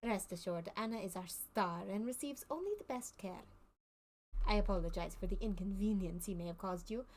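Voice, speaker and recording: A woman's voice: medium pitch, moderate pace, slight background noise, lightly acted. Woman doing a sly French-accented circus boss. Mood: smooth. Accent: put-on French. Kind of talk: reading game dialogue aloud.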